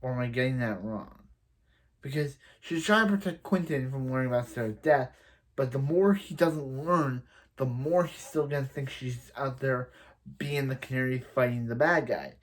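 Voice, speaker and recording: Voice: medium pitch, normal speed. Give me a casual TV reviewer talking through an episode in a loose, rambling way. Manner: rambling, with many restarts and fillers; acts out quoted lines in other voices. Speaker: show reviewer.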